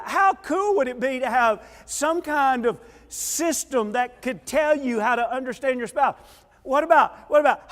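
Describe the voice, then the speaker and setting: A man preaching a sermon in a church, telling lively personal stories and acting out quoted voices, then turning earnest. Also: very high voice, unhurried. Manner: animated storyteller, acts out quoted voices, drops quiet and earnest later. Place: church auditorium. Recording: echoey church hall.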